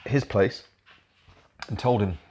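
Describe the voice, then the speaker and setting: A man's voice: fairly low pitch, slow, darkish tone, slight background noise. A middle-aged man from England telling his story as a podcast guest, blunt and darkly humorous, swearing often. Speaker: podcast guest, military veteran. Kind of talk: casual storytelling chat.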